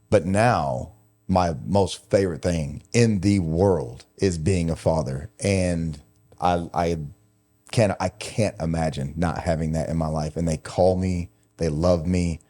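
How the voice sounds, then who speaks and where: A middle-aged man talks through a personal story as a podcast host. His voice sits low and dark, and his delivery is confessional and emotional, with plenty of casual swearing. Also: measured pace. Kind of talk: candid conversational storytelling.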